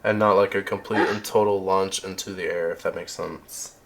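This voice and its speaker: A man narrating as game master in a casual, halting way with frequent restarts. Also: low-pitched, fairly even intonation, gravelly.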